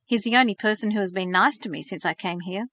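A woman's voice: medium pitch, fast, a bit bright, dry recording, lightly acted. A woman reading the part of a sullen, sarcastic teenage boy who is lonely and defensive. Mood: resentful. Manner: sarcastic, scoffing. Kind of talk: audiobook reading.

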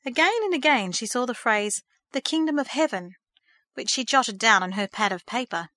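A woman reading a story aloud in a measured, gentle storytelling manner. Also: fairly high pitch, sing-song, dry recording, clean studio sound. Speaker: narrator. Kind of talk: scripted storybook narration.

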